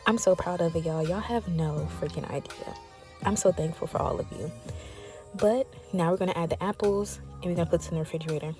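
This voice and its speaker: A woman's voice: lowish voice, fairly quick, mellow, soft background music. A young woman, chatting casually to her viewers as she cooks, calling them y'all. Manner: chatty, talks straight to viewers, calls them y'all and besties. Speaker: cooking creator. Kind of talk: casual cooking vlog chat.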